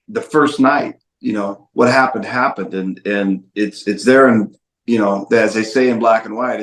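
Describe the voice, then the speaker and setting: A documentary filmmaker, a guest in an interview, tells a story in a mid-range voice with a roomy sound. He's emphatic, repeating phrases for stress.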